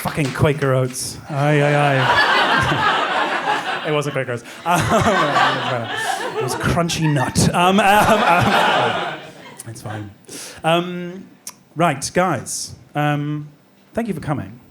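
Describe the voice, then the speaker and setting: Stand-up, man around 30, higher voice, self-mocking rambler, live pub set with audience laughter clearly heard. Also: sing-song, slow, heavy background noise. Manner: self-deprecating, rambling asides, laughs at his own lines. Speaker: stand-up comedian. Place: small pub comedy room, live audience.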